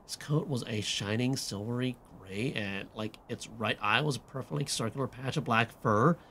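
A man's voice: mid-range voice, normal speed, bright, forceful tone, slight background noise. Man doing a young woman diarist, valley girl slipping into a southern drawl, dreamy. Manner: drawling, peppered with "like, totally". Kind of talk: reading in-game notes aloud in a put-on voice.

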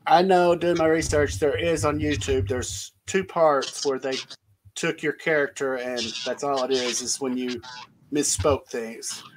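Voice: medium pitch, steady tone, measured pace, slight background noise, rough recording. A host in casual interview chat, asking long, friendly questions over a video call.

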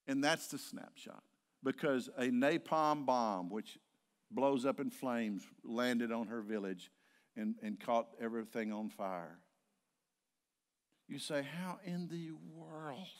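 An older man, a pastor, preaching a sermon and telling stories, at times rising to impassioned shouting. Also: mid-range voice. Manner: storytelling, building to impassioned shouting. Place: church sanctuary.

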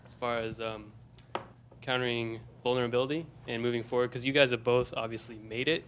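A man's voice: mid-range voice, little pitch movement, a bit bright, slight background noise. Young man asking a hesitant question. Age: young adult. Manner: hesitant, halting. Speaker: audience member asking a question.

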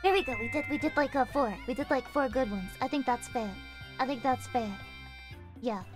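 Young woman streamer, high voice, swears a lot, yells now and then, faint music behind. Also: normal speed. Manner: profane, loud outbursts, rowdy. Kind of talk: casual chat reading chat messages.

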